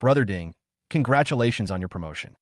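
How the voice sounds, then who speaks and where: Sweet flattering young woman, coquettish, lively pitch, a man voicing her, dry close sound. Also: fast, no room sound, lightly acted. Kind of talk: recap narration with quoted lines.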